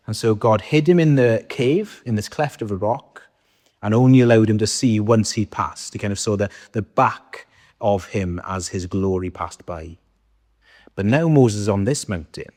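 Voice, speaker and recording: In a church hall with long reverb, a man with a lowish, darkish voice preaches at a moderate pace. His sermon is conversational, and he often puts questions to the congregation.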